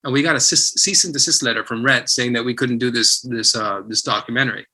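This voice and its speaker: A man who is a theatre director being interviewed, telling stories in an animated way and often repeating himself. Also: mid-range voice, fast, slightly rough. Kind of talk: casual interview talk.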